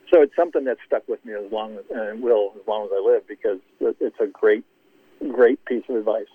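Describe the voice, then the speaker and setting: A man's voice: lowish voice, moderate pace, no room sound. Man over a tinny phone line. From American Midwest. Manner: anecdotal, chuckling, repeats words. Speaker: golf course architect. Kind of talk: casual storytelling interview.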